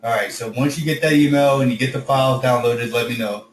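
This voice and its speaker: A man teaching an online coding class in a relaxed, chatty, jokey way, his voice starting to go hoarse. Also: mid-range voice, brisk, reverberant, distant mic, a little hiss or hum, rough recording. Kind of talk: casual teaching over video call.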